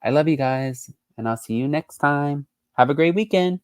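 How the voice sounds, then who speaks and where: A man hosting a casual celebrity gossip channel, reading out quotes with lively emphasis and chatting to his viewers off camera. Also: on the high side, moderate pace, clear, resonant tone, no echo, studio quality. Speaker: host. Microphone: not on camera, voice-over.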